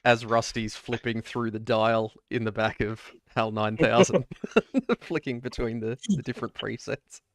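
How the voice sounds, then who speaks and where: Gravelly-voiced male game master. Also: mid-range voice, measured pace, no echo, studio quality. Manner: relaxed, easygoing narration with filler words. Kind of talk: narrating a tabletop game.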